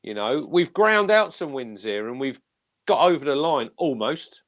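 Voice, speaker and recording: A man discussing football in casual chat, weighing his words with pauses. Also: medium pitch, animated, a bit bright. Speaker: football pundit.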